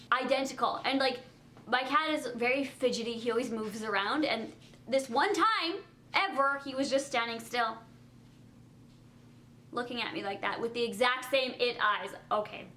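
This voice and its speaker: A woman's voice: fairly high pitch, normal speed, long pauses, pushed and bright, slight background noise. A young woman vlogging at home at night, talking casually to the camera with lots of fillers.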